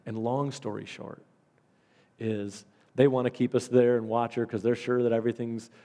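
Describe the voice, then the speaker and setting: A man's voice: medium pitch, little pitch movement, normal speed, warm tone. A male pastor preaching in a conversational storytelling way, acting out the voices of people in his stories. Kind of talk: storytelling sermon. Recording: long reverb of a large hall.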